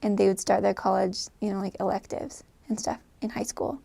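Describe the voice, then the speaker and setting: A young American woman chatting casually to camera, with lots of fillers, soft trailing phrases and frequent laughs. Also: medium pitch, fairly even intonation, fairly quick, gravelly. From United States. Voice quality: filler-heavy, laughing often, trailing off softly. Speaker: vlogger. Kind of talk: casual chat.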